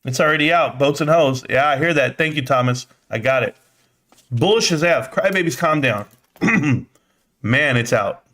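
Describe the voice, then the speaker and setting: A man's voice: on the high side, expressive, normal speed, a bit bright. Exasperated man ranting on a livestream. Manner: exasperated ranting, swearing, voice jumping up in disbelief. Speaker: livestream host. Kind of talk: live stock commentary reading chat.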